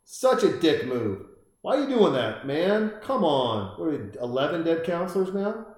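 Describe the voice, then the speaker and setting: A man casually commenting on a horror film as he watches it, rambling and excitable, talking to the characters on screen. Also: a little high, normal speed. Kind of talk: casual live film commentary while drinking beer. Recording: very echoey room.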